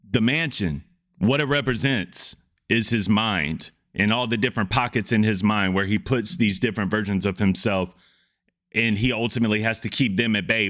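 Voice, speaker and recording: A man's voice: on the low side, fairly bright tone. A man hosting a music reaction video, talking in an earnest, reflective way and often restarting his sentences. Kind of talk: casual reaction commentary.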